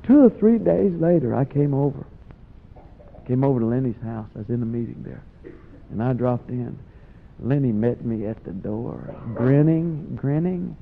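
A man's voice: medium pitch, expressive, measured pace, creaky, slight background noise. A man preaching, telling a folksy story and acting out the voices of the people in it. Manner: folksy, acts out the voices in his stories. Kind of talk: sermon storytelling. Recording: thin phone-like recording.

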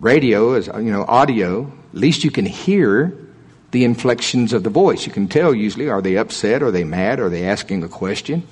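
A man's voice: lowish voice, lively intonation, normal speed, husky. A man preaching a sermon in a folksy, conversational way, emphatic and full of humorous asides.

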